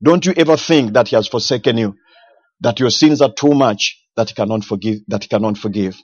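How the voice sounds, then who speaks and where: A man's voice: medium pitch, fairly quick, no room sound, dull audio. A man preaching a sermon with fervent emphasis and repeated phrases.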